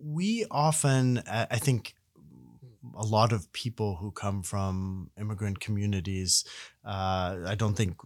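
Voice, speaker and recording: Animated middle-aged man, dry sound. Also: on the low side, dry recording. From Canada. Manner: animated, self-correcting, frequent fillers. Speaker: guest, researcher. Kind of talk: casual conversational storytelling.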